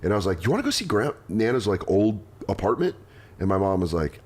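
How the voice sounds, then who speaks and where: A man's voice: lowish voice, sing-song, a little mellow, husky. A man hosting a podcast, telling rambling personal stories in casual chat and acting out quotes. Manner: rambling storytelling, quick vivid quotes. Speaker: podcast host.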